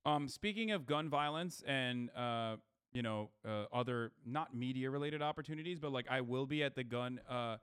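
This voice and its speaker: Reading chat messages on a casual livestream, this host talks loosely, swears and uses lots of fillers. He speaks at a moderate pace in a medium-pitched voice that's clean and a bit bright.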